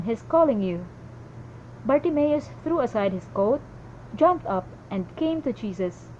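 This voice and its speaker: Mellow woman reading scripture aloud. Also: on the high side, dull audio, a little hiss or hum. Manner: steady reading with small slips and restarts. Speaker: Bible reader.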